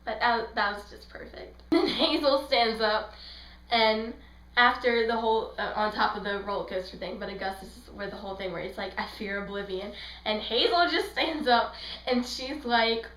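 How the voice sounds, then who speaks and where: A young woman who reviews books and films gushes casually about a movie like a fangirl, rambling and acting out retold scenes in quoted voices. Her voice is fairly high and a bit bright at a moderate pace, recorded roughly in an echoey room.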